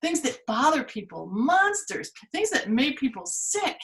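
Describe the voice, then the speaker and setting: A woman's voice: high-pitched, big pitch swings, measured pace, a bit bright, pitched above the performer's own voice, heavily acted. A woman playing Pandora, a curious, vain young woman from Greek myth, in a playful, theatrical storytelling manner. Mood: panicked.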